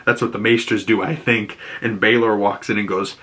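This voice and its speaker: Bright-voiced Boston man recapping casually. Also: fairly low pitch, moderate pace. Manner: animated, acts out characters' lines, casual swearing. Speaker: podcast host.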